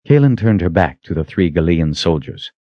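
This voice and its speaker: Deep-voiced man narrating an audiobook. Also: lively intonation, brisk, dry recording, muffled recording. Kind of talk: scripted narration.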